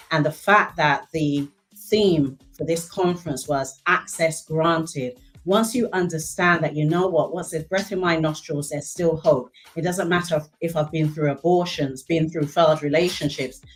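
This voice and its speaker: A woman in her fifties giving an earnest, emotional, faith-filled testimony at an event. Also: fairly low pitch. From Barbados. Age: 50s. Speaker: event speaker, clinical services director. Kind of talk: heartfelt testimony.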